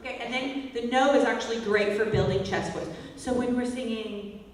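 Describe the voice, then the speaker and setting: A woman vocal coach teaching a singing workshop, breaking into loud whiny and bratty exercise calls to demonstrate. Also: a little high, moderate pace. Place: large echoey hall, workshop. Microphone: distant from the mic. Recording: echoey hall, voice from far off, faint music.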